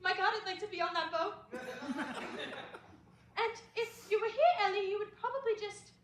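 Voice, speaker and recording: A young woman in a school stage play, playing a flamboyant, gushing actress who speaks in a theatrical way. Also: extremely high pitch. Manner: theatrical, gushing, drawn-out vowels. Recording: echoey auditorium, faint hiss.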